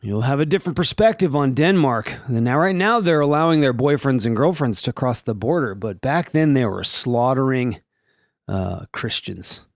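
Animated rambling male podcast host. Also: normal speed, dry recording, studio quality. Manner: rambling, jokey, animated, swooping pitch. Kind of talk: casual solo podcast chat.

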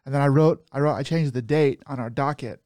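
A man's voice: mid-range voice, brisk, darkish tone, dry recording, studio quality. A man co-hosting a podcast over a call, chatting casually, laughing often and getting worked up. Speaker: podcast co-host. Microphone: remote call mic.

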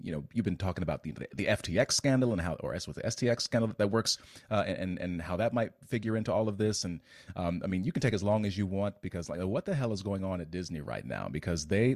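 A man hosting an interview, speaking in a halting way and repeating words as he thinks. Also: sits low, darkish tone, no echo, clean studio sound. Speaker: interview host. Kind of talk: conversational interview.

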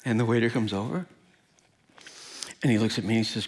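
A man's voice: fairly low pitch, fairly quick, slight background noise. A man from the American Midwest preaching in storytelling style, laughing and acting out the people in his anecdote. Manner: animated, laughing storyteller who acts out voices. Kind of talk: storytelling sermon.

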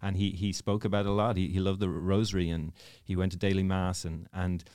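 Irish priest guy, lowish voice, dry close sound, chatty storyteller, pokes fun at himself. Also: little pitch movement, brisk, smooth, no room sound. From Ireland. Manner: storytelling, self-deprecating, soft-spoken. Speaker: priest, guest. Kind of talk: casual chat.

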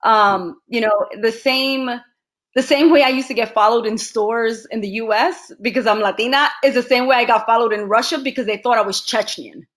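A woman actress being interviewed, telling stories in an animated way and laughing often. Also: a little high, moderate pace. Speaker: actress, guest. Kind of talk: casual interview conversation.

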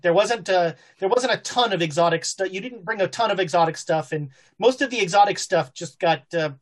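A woman narrating a horror tabletop game as game master, halting with fillers and restarts. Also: on the low side.

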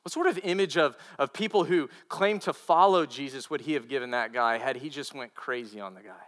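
A man's voice: medium pitch, brisk, a bit bright. A male pastor preaching a sermon and telling a story earnestly, often repeating himself and restarting phrases.

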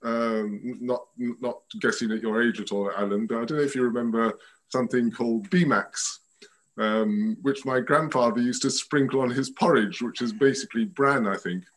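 A man's voice: medium pitch, steady tone, moderate pace, poor audio. A man from France, a guest rose expert, chatting casually over a video call from home in a rambling, hesitant way. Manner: rambling, hesitant, restarts often. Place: at home by a window.

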